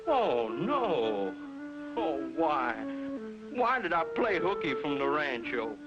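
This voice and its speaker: A man's voice: a little high, very animated, slow, loud music behind the voice. An actor playing a worried middle-aged male rancher and father in a 1950s cartoon. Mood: distraught. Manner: anxious, pleading. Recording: dull lo-fi old cartoon soundtrack.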